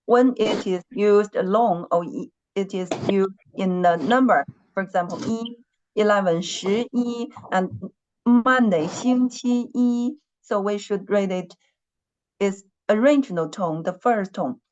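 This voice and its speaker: A woman's voice: mid-range voice, unhurried, darkish tone, highs cut off. A woman teaching a Chinese class online, patiently repeating her questions and humming while she thinks.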